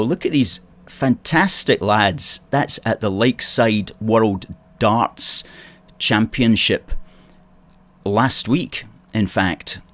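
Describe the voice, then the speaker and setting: A man with a Scottish accent from Ayrshire hosts a casual livestream in a low, deep voice. He reads viewer comments aloud and answers them in a chatty way, with the odd wry aside. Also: a bit bright. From Scotland, Ayrshire. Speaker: host of a political livestream.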